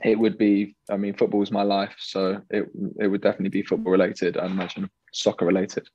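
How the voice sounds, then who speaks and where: Young English guest, laid-back, halting delivery; low register, dry lo-fi audio. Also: male voice, husky, no room sound. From England. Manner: relaxed, hesitant with fillers and restarts. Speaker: professional goalkeeper guest. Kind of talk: casual interview chat.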